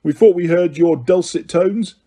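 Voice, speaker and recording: A man's voice: sits high, unhurried, mellow, husky, voice pushed up. A man voicing a cheerful young wizard with a wry, joking manner.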